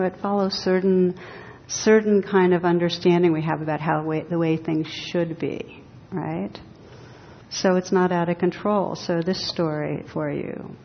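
A woman giving a dharma talk as a meditation teacher, speaking slowly and reflectively with touches of gentle humor. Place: hall with a live audience. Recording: reverberant hall, dull sound, faint rumble.

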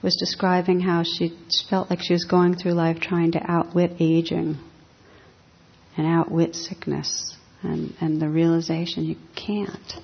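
A woman meditation teacher giving a dharma talk in a calm, reflective, unhurried way. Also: fairly low pitch, gravelly, husky. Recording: dull lo-fi talk recording.

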